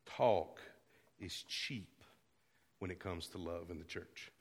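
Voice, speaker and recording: A man pastor preaching a sermon to his church, earnest, dropping to a hush and rising to loud, fervent calls. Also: low voice, fairly even intonation, moderate pace, long reverb tail. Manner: earnest, swings from hushed to loud. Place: church sanctuary.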